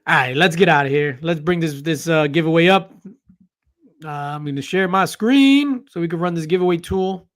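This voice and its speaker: A man's voice: on the high side, normal speed, a bit bright, dry recording, clean studio sound. A tired man hosting a casual panel chat, joking around, swearing freely and laughing a lot. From half Italian, half Puerto Rican. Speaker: podcast host.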